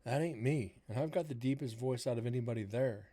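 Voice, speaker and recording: A man's voice: mid-range voice, brisk. A man in his forties hosting a live-streamed paranormal show, chatting casually and rambling with self-mocking asides to his viewers. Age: 40s. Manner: rambling, self-mocking, talks to chat directly. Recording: steady background noise.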